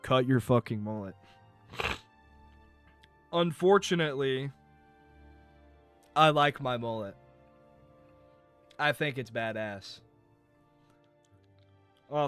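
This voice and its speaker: A man's voice: mid-range voice, a bit bright, smooth. A young man from North Carolina chatting casually on a live stream, rambling, swearing and joking at his own expense. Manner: rambling, swearing, self-mocking.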